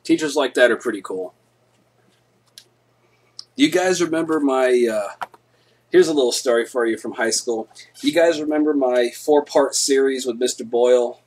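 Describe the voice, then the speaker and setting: Hosting a live stream, a young man spins casual stories with plenty of swearing, turning loud during his reenactments. He has a husky, mid-range voice, a normal speed and frequent pauses.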